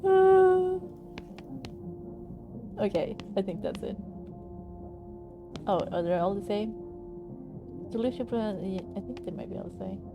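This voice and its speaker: A woman's voice: medium pitch, normal speed, gravelly, long pauses, dull audio, music in the background. A young woman streaming a video game, chatting casually and reading game text aloud with playful laughs. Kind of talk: casual live game commentary.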